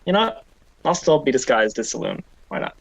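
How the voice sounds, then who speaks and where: A man playing a tabletop game, reacting and thinking aloud in a lively way. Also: medium pitch, a little fast, gravelly, husky, dry recording, low-quality recording. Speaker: player.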